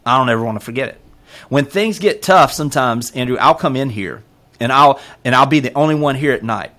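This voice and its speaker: A man with a Southern US accent tells his story in casual interview chat. His pitch rises and falls widely as he gets going. He talks earnestly and keeps stopping to say um and you know. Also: fairly quick. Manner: earnest, animated storyteller with many fillers. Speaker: podcast guest.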